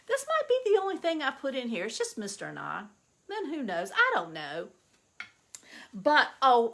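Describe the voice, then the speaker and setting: A middle-aged woman with a gravelly edge and a bright, sharp tone talks in a chatty vlog. She rambles from one story to the next and jumps up into high, delighted bursts. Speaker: vlogger showing yard sale finds.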